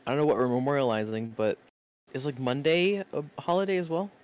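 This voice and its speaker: A man's voice: mid-range voice, fairly quick, clear, resonant tone. A male streamer chatting casually with his viewers, reading out chat and swearing often. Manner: lively, swearing, laughing, reads chat aloud.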